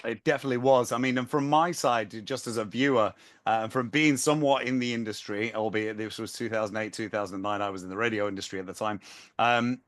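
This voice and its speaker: A man co-hosting a casual interview, speaking in an earnest, measured way. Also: on the low side, fairly even intonation, a bit bright. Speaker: podcast co-host.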